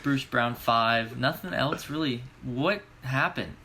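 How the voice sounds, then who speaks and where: A man's voice: medium pitch, slow, pushed and bright, a little hiss or hum. A young man co-hosting a casual sports podcast, laid-back, laughing easily and rattling off stats. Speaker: podcast co-host.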